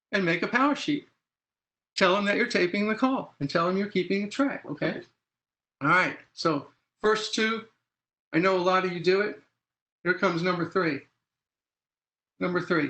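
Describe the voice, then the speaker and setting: A middle-aged man leads an animated talk on consumer rights and plays out phone calls line by line. His voice sits a little high and rings bright and forceful. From Texas. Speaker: consumer advocate columnist. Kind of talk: presentation.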